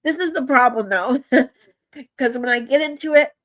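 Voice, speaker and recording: A woman streamer talking to her chat in a casual live stream, earnest and heartfelt, often halting and restarting her sentences. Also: sits high, fairly bright tone.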